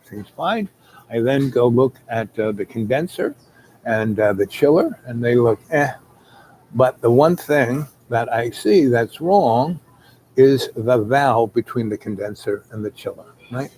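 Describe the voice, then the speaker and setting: A man's voice: mid-range voice, expressive, a little slow, a little mellow, slight background noise, poor audio. A man telling a long rambling story, full of fillers, who acts out the people he quotes. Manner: meandering, many fillers, acts out quoted voices.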